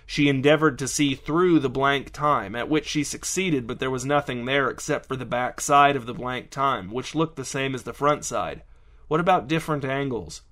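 A man narrating a story in a measured, deadpan way. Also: mid-range voice. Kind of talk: audiobook narration.

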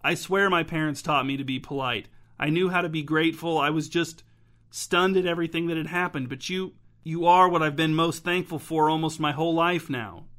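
A man's voice: on the high side, steady tone, a little fast, fairly bright tone, lightly acted. A man voicing an earnest young woman who tells her story through tears. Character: tearful, grateful young woman.

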